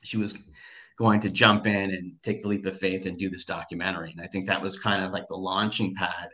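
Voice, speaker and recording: A man in a casual interview, telling a personal story in an animated way, with many fillers, restarts and repeated words. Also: low voice, brisk.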